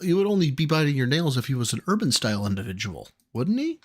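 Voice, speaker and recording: A man's voice: medium pitch, very animated, quick pace, darkish tone. A man hosting a casual reaction chat, crude and mocking, with an incredulous tone. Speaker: host reacting to a video.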